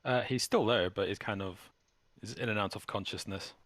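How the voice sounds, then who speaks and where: A man narrating as game master of a tabletop game, halting and restarting as he describes the scene. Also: fairly bright tone, no room sound. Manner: halting, with many restarts, voices characters in a higher pitch.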